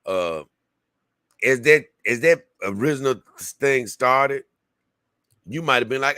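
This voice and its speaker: A man hosting a reaction show, commenting in a laughing, excitable, slangy way. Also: medium pitch, slow pace, pauses often, clear, resonant tone, dry recording, studio quality. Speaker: reaction host.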